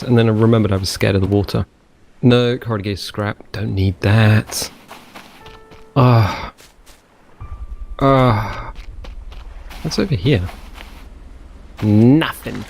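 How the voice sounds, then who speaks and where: Fairly low-pitched and a little mellow, a man's voice comes through over a faint hiss or hum. He's a gaming channel host doing chatty, rambling let's play commentary on his own game, talking to himself.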